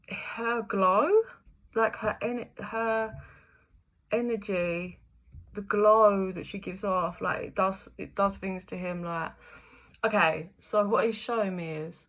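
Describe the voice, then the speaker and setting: A woman's voice: mid-range voice, fairly even intonation, slow pace, long pauses, fairly bright tone, lo-fi sound. A young woman giving a casual, chatty spiritual reading, full of fillers, the odd swear word and frequent laughter. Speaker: intuitive reader.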